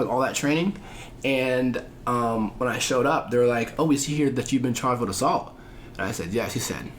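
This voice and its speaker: The podcast guest keeps up his casual, animated storytelling, cursing freely and voicing the people he quotes in a mid-range voice. Faint hiss or hum can be heard.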